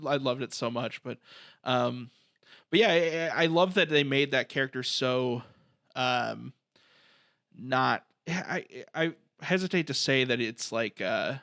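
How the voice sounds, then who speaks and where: A man's voice: mid-range voice, measured pace, vocal fry, fairly bright tone, dry recording, studio quality. A man co-hosting a horror podcast, talking casually about a film with many restarts and fillers. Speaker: podcast co-host.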